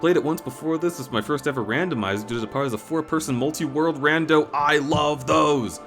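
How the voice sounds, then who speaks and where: A man's voice: a little high, rapid-fire, soft background music. A man streaming a game live, chatting with viewers and thanking them in an effusive, rambling way with restarts. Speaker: variety streamer. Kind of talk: live-stream chat while gaming.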